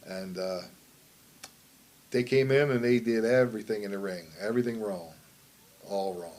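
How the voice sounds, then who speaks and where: In a low-quality recording, a middle-aged man who promotes wrestling spins rambling, foul-mouthed stories during a relaxed interview. His voice is on the low side with a darkish tone, and he talks at a normal speed, frequently checking "you know what I mean."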